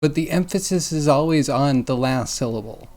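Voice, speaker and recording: A man's voice: fairly high pitch, normal speed, darkish tone. A man streaming as he sculpts, musing aloud in a rambling way and chuckling now and then. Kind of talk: casual talk while sculpting on stream.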